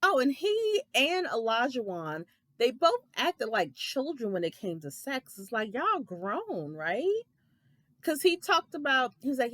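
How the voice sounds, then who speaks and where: A woman in her thirties hosts a casual reality TV recap, sassy and animated, with dramatic asides and sharp pitch jumps for emphasis. She speaks a little slowly, and there's no room sound.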